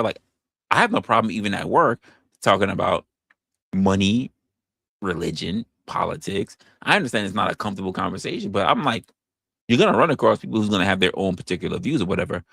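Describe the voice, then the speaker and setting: A man's voice: on the low side, creaky, no echo, clean studio sound. A young man hosting a casual livestream, rambling with lots of stammering restarts. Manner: rambling, stammering restarts, animated put-on quotes. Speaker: livestream host. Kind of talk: casual unscripted livestream chat.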